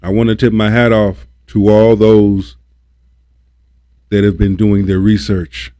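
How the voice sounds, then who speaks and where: In a dark, lowish voice with a level tone, a livestream host holds forth on politics a little slowly. The rant is preachy, repetitive and emphatic, and he swears as he gets worked up.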